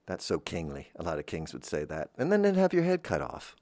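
A man's voice: sits low, huge pitch swings, brisk, mellow, dry recording. A man hosting a podcast, wandering through a comic monologue that often trails off and restarts, with self-deprecating asides. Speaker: podcast host. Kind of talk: rambling comedic monologue.

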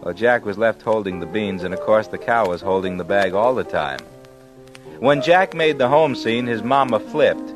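A man's voice: on the low side, lively intonation, moderate pace, music in the background, poor audio. A man telling a fairy tale in laid-back jazz slang on an old comedy record. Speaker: narrator. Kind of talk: comic hipster storytelling.

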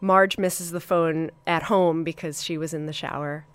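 A woman hosting a podcast, reviewing an episode in a casual, enthusiastic way with many fillers and pauses. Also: deep voice, fairly even intonation, smooth, no room sound. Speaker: podcast host.

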